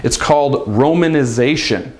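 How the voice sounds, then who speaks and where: A man's voice: mid-range voice, moderate pace. A man giving a casual, upbeat language lesson, chatty and demonstrating sounds with big swings of his voice. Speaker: language teacher.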